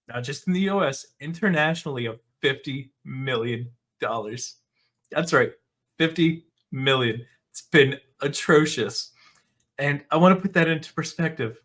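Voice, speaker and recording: A man in casual commentary mode who mocks his subject with sarcasm. His voice sits somewhat higher than most men's. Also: lively intonation, moderate pace, fairly bright tone. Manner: sarcastic, mocking. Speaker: movie commentary host.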